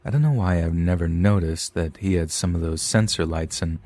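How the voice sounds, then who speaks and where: A man's voice: low-pitched, fairly even intonation, normal speed, dark tone. A man, a podcast host, reading a scary story aloud with some dry asides.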